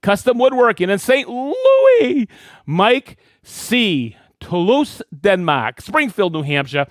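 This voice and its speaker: A man hosting a live stream in a casual, excited way, calling out viewers by name and hometown. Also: high voice, slow pace, no echo, clean studio sound. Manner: excited, animated, reading viewer shout-outs. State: worked up and dusty after a demo. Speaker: host of a live product show.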